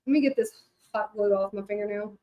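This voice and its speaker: On a craft livestream, a middle-aged Louisiana woman with a Southern accent talks fast at medium pitch as she works on hand lettering. The audio is dull, and her casual chat with viewers rambles with plenty of fillers.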